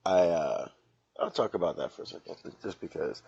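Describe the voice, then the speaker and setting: A freshly woken man rambles through a solo comedy podcast, sarcastic and full of swearing. His voice is very deep and husky, jumping from loud outbursts to mumbled asides. The recording from his home sounds dull and lo-fi. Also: lively intonation, moderate pace. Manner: profane, sarcastic, drifting between loud bursts and mumbling. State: just woke up, yawning.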